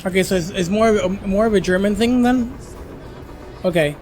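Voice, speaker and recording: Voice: mid-range voice, a little fast, darkish tone, faint music behind. Playful streamer sounding out foreign words. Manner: playful, laughing, fumbling with pronunciation. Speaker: livestream host. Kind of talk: casual live reaction chat.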